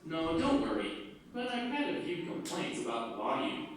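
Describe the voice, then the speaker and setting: A fussy, strict roommate. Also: male voice, fairly high pitch, huge pitch swings, normal speed, a little hiss or hum. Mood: firm. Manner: firm, lecturing list of complaints. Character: man named Jim, strict fussy roommate. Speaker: actor in a textbook listening dialogue. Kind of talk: scripted listening-exercise dialogue. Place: classroom, played over speakers. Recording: very echoey room, played from far off.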